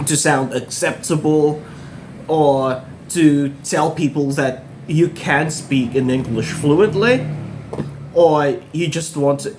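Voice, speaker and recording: A man's voice: fairly high pitch, a little hiss or hum. A man in his thirties from the Philippines with a Filipino accent, earnestly encouraging English learners and repeating himself for emphasis. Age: 30s. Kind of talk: earnest direct-to-camera talk.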